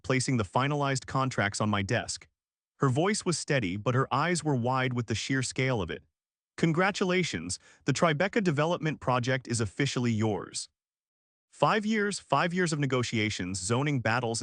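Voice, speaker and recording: A man in his forties reading a first-person story as narrator, with a smooth and even delivery. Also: mid-range voice, no echo, clean studio sound. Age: 40s.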